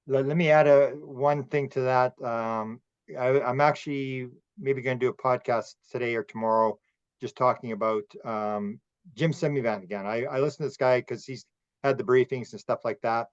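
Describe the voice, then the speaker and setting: A man's voice: mid-range voice, fairly even intonation, normal speed, smooth, no room sound. Rambling man on a dull dry line. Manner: rambling, with frequent restarts and acted quotes. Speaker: podcast host. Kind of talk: casual conversation.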